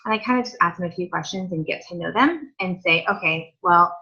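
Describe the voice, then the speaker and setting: A woman's voice: on the low side, brisk, pushed and bright. A woman leading a sales team training, chatty and upbeat with lots of asides. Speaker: team leader. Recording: dull lo-fi audio.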